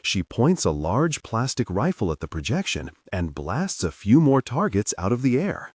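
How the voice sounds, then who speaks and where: A man reads a novel aloud with wry, lively storytelling. His low, husky voice rises and falls widely, and the recording is close and dry. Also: moderate pace, no room sound. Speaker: audiobook narrator. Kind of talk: audiobook narration.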